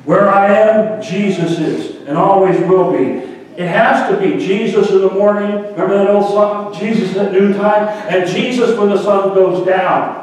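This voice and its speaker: A man with a fairly high voice preaches a sermon, turning to his listeners now and then with direct questions. His voice rings through a long, echoing hall, and he sounds set back from the microphone. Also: a little slow, darkish tone, far from the mic. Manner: storytelling preacher, addresses congregation directly. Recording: echoey hall, speaker off the mic.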